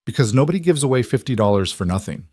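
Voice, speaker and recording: A man voicing a poor young frontier woman who talks in a guarded, flat way that rises when she is pressed. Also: medium pitch, quick pace, no echo, clean studio sound, voice pushed up. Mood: defensive.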